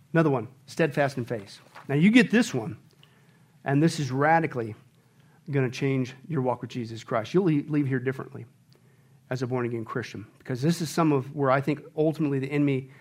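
A man preaching a sermon as pastor, emphatic and full of rhetorical questions, swinging from quiet intimate talk to loud exclaiming. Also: mid-range voice, breathy edge.

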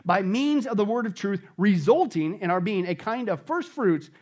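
A male pastor preaching a sermon emphatically, often checking in with the congregation and swinging between loud exclamations and quiet, intense stretches. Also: sits high, very animated, normal speed. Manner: repeats "okay?" and "contextually". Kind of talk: expository sermon.

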